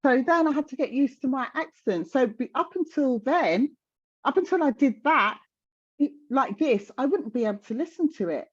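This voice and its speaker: A middle-aged woman speaks with a strong South London accent, frank and lively as she shares her story. The recording sounds a little dull and lo-fi. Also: high voice, normal speed, breathy edge. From South London, England. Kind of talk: casual conversation.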